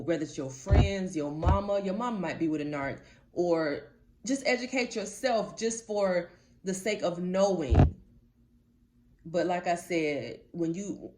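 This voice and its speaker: Her voice is fairly low with a darkish tone as this woman life coach talks to the camera. The motivational talk is blunt and casual, aimed directly at viewers, with points repeated for emphasis.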